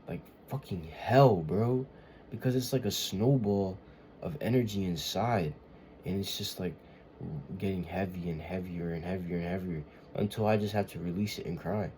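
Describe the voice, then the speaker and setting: A man's voice: lowish voice, moderate pace, warm tone, slight background noise. A man talking in a casual confessional monologue, rambling and emotional, often swearing and searching for words. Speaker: vlogger.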